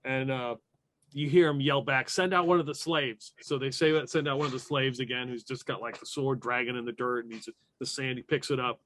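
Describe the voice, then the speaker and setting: A man's voice: medium pitch, flat delivery, a little fast, fairly bright tone, dry recording. A man running a tabletop game as game master, narrating in a loose, chatty way with frequent laughs and restarted sentences.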